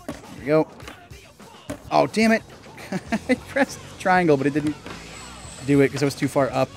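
Excitable young man commentating gameplay. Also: moderate pace. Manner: excitable, bursts into high yelps and laughs at mistakes; chatty, swears mildly. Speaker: gaming channel host. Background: faint game music.

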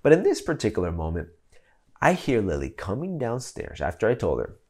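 A man's voice: fairly low pitch, huge pitch swings, brisk, darkish tone, husky. A man in his thirties preaching a sermon as a pastor, telling a family story in a conversational, storytelling way.

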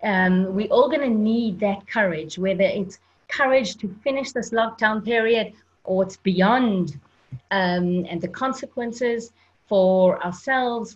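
Woman, psychologist guest, earnest animated storyteller, lo-fi call audio. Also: medium pitch. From South Africa. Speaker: clinical and sports psychologist, guest. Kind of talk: personal storytelling in an interview.

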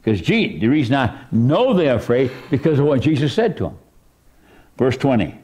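Animated preaching man with lively pitch. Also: moderate pace, slightly rough. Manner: animated preaching, voice surging high for emphasis. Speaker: pastor. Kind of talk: sermon. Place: church.

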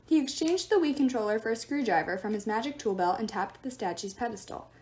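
Woman, reading a novel aloud, expressive, higher voice. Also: quick pace, few pauses. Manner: expressive narration. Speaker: book reader.

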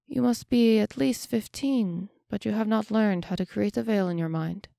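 A woman's voice: mid-range voice, normal speed, creaky, dark tone, dry recording, studio quality, pitched above the performer's own voice, lightly acted. A woman reading an audiobook, voicing a cold, refined, menacing male elf. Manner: cold, clipped, commanding.

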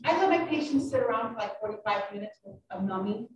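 A woman doctor giving an informal question-and-answer talk, who tells stories lively and acts out her patients' voices. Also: medium pitch, fast talker. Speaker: urogynecologist giving a library talk. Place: library meeting room. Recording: echoey room, distant dull mic.

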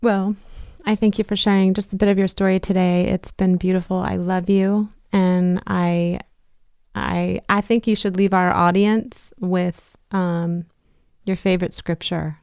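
A woman's voice: fairly low pitch, level tone, measured pace, a little mellow, clear, resonant tone, no echo. A woman hosts a casual podcast interview. She talks in an effusive, affectionate way. The sound is dry and close. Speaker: podcast host.

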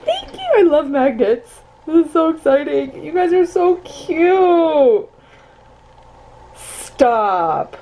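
A young woman and mother filming a casual home vlog on a handheld camera, gushing and excitable. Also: high-pitched, slow pace, a little hiss or hum. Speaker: vlogger and mother. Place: family home.

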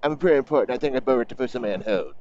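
A man's voice: medium pitch, lively intonation, racing, darkish tone, highs cut off, slight background noise, natural voice. A man putting on the voice of a boastful, self-important elderly male politician who keeps asking rhetorical questions.

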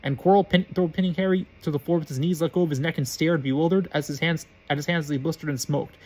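Reader, man, fast husky storybook reading, trips over words. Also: on the high side, steady tone, a little mellow. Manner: fast, with frequent stumbles and restarts.

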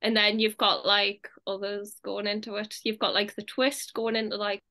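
A young British woman, an actress, chatting casually in an interview, full of "like" fillers and quick laughs. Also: medium pitch, flat delivery, sharp tone. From England. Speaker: actress, guest.

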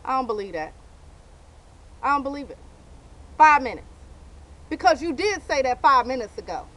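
A young woman vlogging outdoors on a handheld camera, ranting with loud outbursts and dramatic repetition. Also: sits high, big pitch swings, brisk, poor audio. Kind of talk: animated comic vlog rant. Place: outdoors by a car.

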